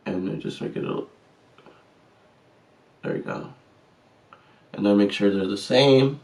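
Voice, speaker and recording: A man's voice: lowish voice, a little slow, creaky, a little mellow, distant mic. A man chatting casually and sassily through a makeup tutorial, joking at his own mistakes. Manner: chatty, sassy and self-deprecating. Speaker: vlogger.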